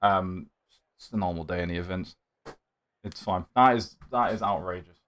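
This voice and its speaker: Deep-voiced and speaking at a moderate pace, a young sim racing streamer commentates his race live. He's animated, talking with other drivers and with chat as he races.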